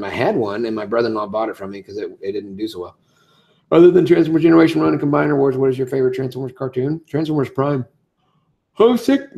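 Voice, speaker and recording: A man hosts a casual livestream, answering viewer comments in a loose, rambling way. His voice sits at a middle pitch but swings up high and loud when he gets excited. He sounds like a voice actor talking plainly to his audience. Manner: rambling, animated, big swings of pitch and loudness. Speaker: voice actor hosting a live Q&A.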